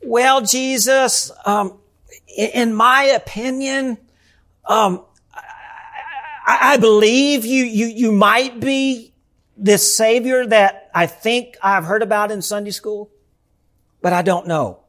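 A man's voice: sits high, slow, pauses often, a bit bright. A man voicing a timid, hesitant man unsure of his faith, who stammers and hedges every word. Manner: stammering, hedging.

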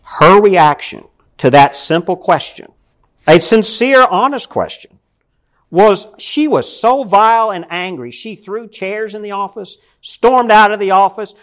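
A male pastor with a high-pitched voice preaches a sermon, moving between scripture and personal stories. He calls out to his congregation with questions. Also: a little slow, a bit bright.

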